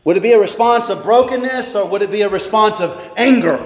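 A man's voice: sits high, fast talker, few pauses. A man preaching as pastor, reading scripture and pressing his listeners with earnest rhetorical questions. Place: church sanctuary. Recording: long reverb of a church hall.

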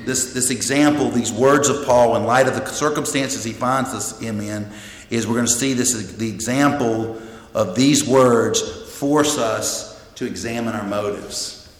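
A man's voice: mid-range voice, unhurried. A man preaching a sermon as pastor, earnest and emphatic, often repeating and restarting phrases. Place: church sanctuary. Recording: echoey hall with long reverb.

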